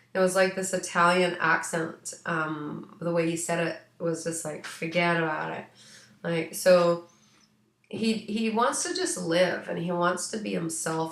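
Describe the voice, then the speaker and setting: A woman giving a casual spoken pet reading as an animal psychic, chatty and rambling with lots of ums and restarts, a little sneezy. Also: fairly low pitch. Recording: echoey room.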